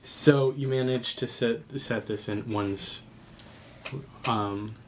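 A man narrating as game master of a tabletop role-playing podcast, relaxed and measured. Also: medium pitch, slight background noise.

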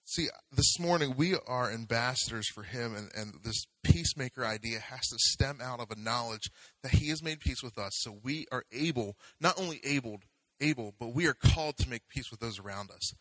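Fervent, bright-voiced man preaching. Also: mid-range voice, moderate pace, dry recording, low-quality recording. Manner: conversational preaching, rising to fervent exhortation. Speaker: pastor. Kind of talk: sermon.

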